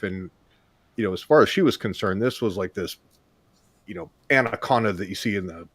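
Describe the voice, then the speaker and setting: A man hosting an interview, a lively and chatty storyteller in casual conversation. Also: on the low side, brisk, pauses often, breathy edge, dry recording. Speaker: podcast host.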